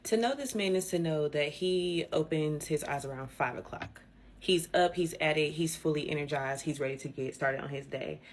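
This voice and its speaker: A woman telling a personal story in an indignant, animated rant with swearing. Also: low voice, moderate pace, a little hiss or hum.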